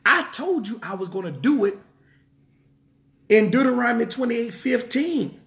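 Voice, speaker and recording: A man's voice: extremely high pitch, expressive, normal speed, creaky. A man preaching a sermon in an emphatic style, repeating rhetorical questions. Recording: roomy echo.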